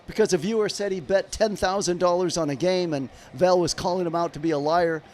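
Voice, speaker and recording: A man with a notably high voice calls a baseball game live for his stream. He mixes the pitch-by-pitch calls with loose, rambling chat to viewers. A faint hum of background noise sits under his voice. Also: fairly quick. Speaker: livestream baseball commentator. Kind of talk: live play-by-play commentary.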